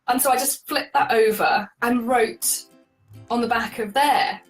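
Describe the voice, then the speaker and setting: A woman's voice: on the high side, a little slow, recorded from a distance, faint music behind, poor audio. Chatty woman telling stories from afar. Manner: chatty, animated, laughs often. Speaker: guest, solo cyclist. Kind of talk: conversational interview storytelling.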